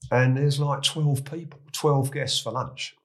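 A man's voice: mid-range voice, fairly even intonation, measured pace. A man in his sixties with an English accent, a retired police chief telling anecdotes in a chatty way, restarting and repeating words as he goes. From England. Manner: chatty, restarts and repeats, laughs at own stories. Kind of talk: casual anecdotal storytelling.

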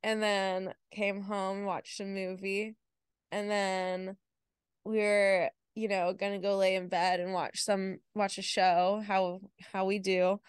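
A young woman joking along with her co-host on a podcast and landing deadpan punchlines. She is miked close, with a dry, roomless sound. Her pitch sits in the middle of the usual range. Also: takes it slowly, clean tone, no room sound. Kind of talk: casual chat.

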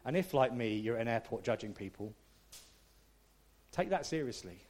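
A man's voice: mid-range voice, lively intonation, normal speed, darkish tone. A man preaching a conversational, self-deprecating sermon, often checking in with the congregation. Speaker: pastor.

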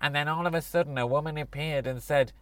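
A man's voice: a little high, fast, no room sound. A man telling a funny story in a casual chat and imitating the people he quotes. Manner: animated anecdote-teller, mimics people he quotes.

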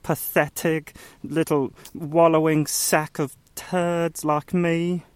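A man's voice: a little high, level tone, slow, smooth, no room sound. A man playing a self-pitying, divorced male roommate with an accent, stammering and hesitant in a gloomy improv comedy scene.

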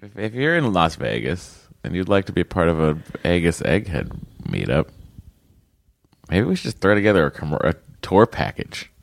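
A man's voice: deep voice, very animated, normal speed, gravelly, no echo, clean studio sound. A man co-hosting a casual podcast, joking around and reading listener emails aloud. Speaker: podcast co-host.

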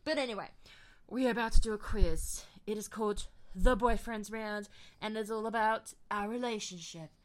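A woman with a medium-pitched voice and moderate pace hosts a podcast from her bed at home. The casual chat quiz is full of giggling, swearing and playful teasing.

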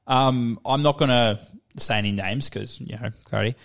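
A man's voice: mid-range voice, gravelly. A young man co-hosting a podcast, telling crude jokey stories in casual banter. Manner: rapid, jokey storytelling. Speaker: podcast co-host.

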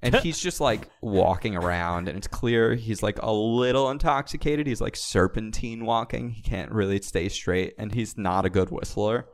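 A young man narrating a tabletop game as game master, quick and animated. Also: fairly low pitch.

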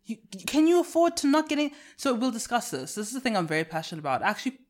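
A South African woman with a South African accent, co-hosting a podcast in candid, animated casual chat. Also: fairly high pitch, fast talker. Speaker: podcast co-host.

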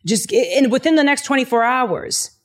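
A woman's voice: sits high, expressive, normal speed, voice pushed up. A woman voicing a blunt, self-assured male prophet in casual, slangy modern speech. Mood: confident.

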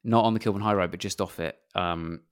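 Young English male comedian, low voice, dry sound, self-deprecating storyteller. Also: fairly quick, no echo. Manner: self-deprecating, rambling anecdotes. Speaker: comedian guest. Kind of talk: casual interview chat.

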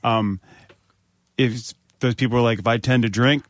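A man's voice: medium pitch, fairly even intonation, normal speed, dry recording. A man hosting a casual podcast interview, asking questions and cracking jokes. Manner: joking, asks questions.

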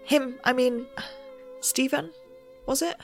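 A woman's voice: high voice, steady tone, slow pace, gravelly, faint music behind, full character voice. A woman playing a rambling young researcher. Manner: rambling and self-deprecating. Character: nervous, rule-bending young woman researcher. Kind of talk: audio drama narration.

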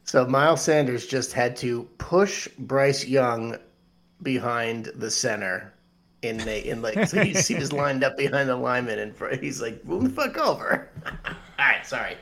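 Excitable ranting man, sports banter. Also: mid-range voice, measured pace, a little hiss or hum. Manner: ranting, swears freely, excitable. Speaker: podcast co-host. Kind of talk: casual sports chat.

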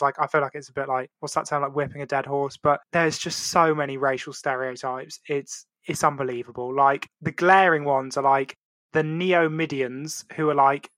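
A man's voice: medium pitch, fairly bright tone, no echo. A man co-hosting a casual podcast, rambling and joking with lots of fillers. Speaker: podcast co-host.

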